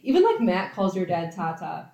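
A woman's voice: fairly low pitch, moderate pace, a crowd in the background. Young woman chatting, lots of likes, echoey room, voices in the background. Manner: relaxed, filler-heavy with lots of 'like'. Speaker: podcast co-host. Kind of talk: casual chat among friends.

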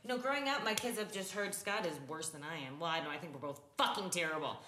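A woman's voice: fairly low pitch, fast talker, background noise. A woman in her forties co-hosting a podcast, talking bluntly and animatedly with frequent laughs. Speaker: podcast co-host. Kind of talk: casual chat. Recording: roomy echo.

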